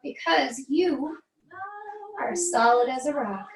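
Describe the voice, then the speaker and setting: An American woman, a fitness instructor, calmly guiding a barre stretching class with encouraging cues and light jokes. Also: high-pitched, slow, roomy sound, distant mic, noisy background.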